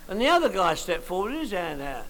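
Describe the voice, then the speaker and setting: A man's voice: sits high, sing-song, quick pace, fairly bright tone, slight background noise, poor audio. An older man giving a joking, colloquial personal testimony at a recovery meeting. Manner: joking, colloquial storyteller with slangy asides.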